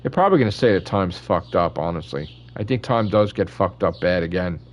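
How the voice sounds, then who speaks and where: A man's voice: low-pitched, animated, brisk, slight background noise. A man hosting his channel, ranting in casual fan commentary with blunt opinions and constant swearing. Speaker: channel host.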